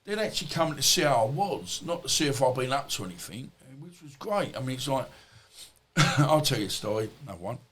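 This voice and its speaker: A middle-aged man, a former boxer appearing as a podcast guest, tells casual stories in a rambling, anecdotal way packed with asides. His medium-pitched voice is very animated and a bit bright, and he talks a little fast with few pauses.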